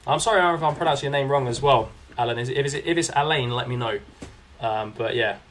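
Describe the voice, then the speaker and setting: A man's voice: medium pitch, fast talker, a bit bright, a little hiss or hum. A young man, chatting casually while commentating his own game on a live stream and answering viewers. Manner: chatty, reacting to the game and reading chat aloud.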